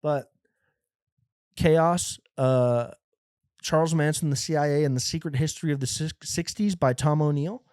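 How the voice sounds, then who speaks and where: A young American man hosting a comedy podcast, rambling through a profane, animated monologue full of restarts. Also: fairly high pitch, normal speed, smooth, no room sound, clean studio sound. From United States. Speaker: podcast host.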